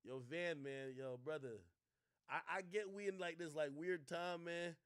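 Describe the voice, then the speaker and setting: A man's voice: a little high, measured pace, smooth, no room sound. Slangy streamer guy riffing on clips, fired up, swears a lot, super dry close sound. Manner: animated, slangy, swears a lot, repeats himself. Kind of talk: casual reaction commentary.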